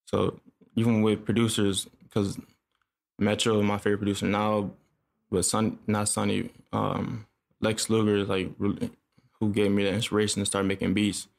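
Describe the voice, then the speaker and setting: Young male producer guest, low gravelly flat delivery, relaxed and halting. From upstate New York. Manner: laid-back, halting, lots of fillers. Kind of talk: casual interview chat.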